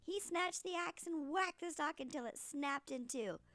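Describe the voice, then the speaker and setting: An older woman reading a children's story aloud, slow and animated, with a gravelly voice. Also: high-pitched, no echo.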